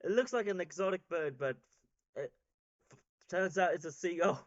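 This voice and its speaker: A man's voice: high voice, expressive, normal speed, muffled recording. A man giving casual, offhand reaction commentary on memes, tossing in short remarks between laughs.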